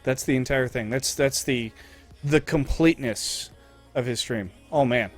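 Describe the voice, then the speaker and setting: A young man streaming live, ranting and telling stories in a casual, profane, animated way. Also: mid-range voice, unhurried, faint music behind.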